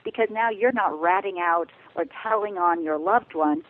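A woman's voice: fairly low pitch, normal speed. A woman speaking as a bioethicist guest on a radio interview, earnest and direct as she explains her advice. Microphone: telephone. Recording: tinny phone line.

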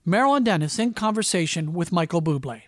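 A man's voice: a little high, animated, fast talker, over loud music. Radio host guy telling stories, chatty, lots of "you know" and "right?". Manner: chatty storytelling, conversational asides. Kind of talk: radio show narration.

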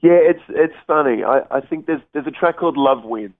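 A musician, a man, talking casually in a radio interview over the phone, friendly and halting with many restarts. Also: fairly high pitch, dry recording. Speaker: musician guest. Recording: tinny phone line.

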